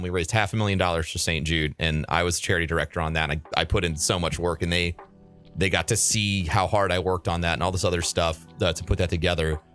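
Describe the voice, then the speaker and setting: A man's voice: low-pitched, fairly bright tone. A man hosting a casual podcast chat, talking bluntly with plenty of swearing. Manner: blunt and profane, brash. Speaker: podcast host.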